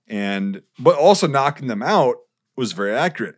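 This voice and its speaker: Man, casual podcast chat, explains in careful detail, full of ums and likes, restarts his sentences often, middle-pitched voice, relaxed flow. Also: normal speed. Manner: detailed explaining, hesitant with many "um" and "like". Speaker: podcast co-host with military history knowledge.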